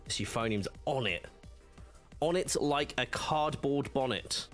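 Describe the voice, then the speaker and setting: A man's voice: medium pitch, unhurried, a bit bright, soft background music. A man hosting a livestream, chatting casually with viewers and telling rambling stories full of fillers and laughs. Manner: rambling storytelling, laughs often, many fillers. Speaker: livestream host. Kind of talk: casual chat reading live chat.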